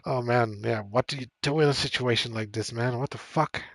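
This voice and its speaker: Against a noisy background, a man with a mid-range voice streams a game at a fairly quick pace. His casual live-stream commentary has him thinking aloud, reading on-screen choices and game text, with frequent fillers and laughs.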